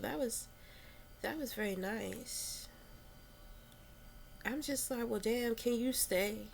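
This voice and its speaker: Woman, young adult, vlog confession, very slow pace, meandering, fillers and restarts, emotional, faint background rumble. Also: gravelly. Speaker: vlogger. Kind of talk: candid personal reflection.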